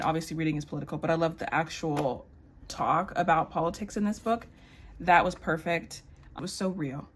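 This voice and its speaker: A woman talking casually in a reading vlog, chatty and expressive, with plenty of fillers and restarts. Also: mid-range voice. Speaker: book vlogger.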